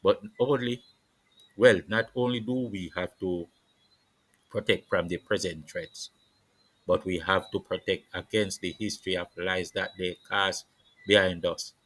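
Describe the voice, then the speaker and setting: A man holds forth on politics in a preaching, declamatory style, stacking repeated phrases. His voice sits very low yet comes across forceful and bright-edged. The recording is dry and close, with no room sound. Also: steady tone, measured pace, dry recording, low-quality recording. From Jamaica. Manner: preaching, declamatory, repetitive cadences. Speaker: political commentator. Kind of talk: impassioned political monologue.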